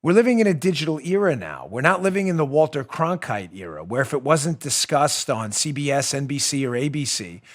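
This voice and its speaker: A man's voice: a little high, big pitch swings, fairly quick, hardly any pauses. A man hosting a political talk show, delivering a heated, emphatic monologue, repeating points for stress and dropping into sarcasm.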